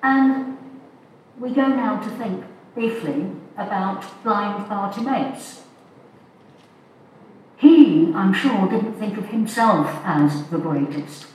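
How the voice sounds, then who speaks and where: An older woman giving a sermon in a slow, measured, thoughtful way, recorded in a church. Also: medium pitch, lively intonation, a little mellow, slight background noise. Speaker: preacher. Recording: echoey church heard from a distance.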